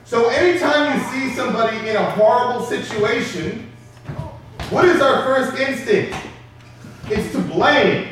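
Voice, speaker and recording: Man preaching a sermon, animated and conversational, high voice, recorded from far off in a reverberant hall. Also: measured pace, slight background noise. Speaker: pastor.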